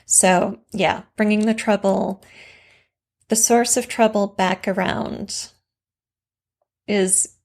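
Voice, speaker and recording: A woman's voice: medium pitch, steady tone, slow pace, gravelly, pauses often. A woman co-hosting a writing podcast, talking casually and thoughtfully about story craft. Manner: conversational, reflective, warm affirmations.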